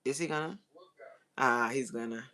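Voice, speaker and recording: A woman coaching on relationships in a casual live-stream chat, excitable and talking straight to her viewers as y'all. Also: a bass voice, normal speed.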